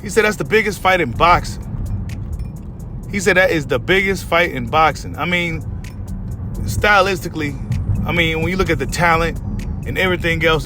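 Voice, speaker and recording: A man hosting a boxing talk video, giving casual commentary to camera and often repeating and rephrasing his points. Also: on the high side. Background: background music.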